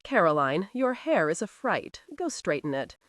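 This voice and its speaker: A woman's voice: fairly low pitch, very animated, moderate pace, no room sound, clean studio sound. A woman voicing a brooding, short-tempered young nobleman who talks in a curt, commanding way in an audiobook.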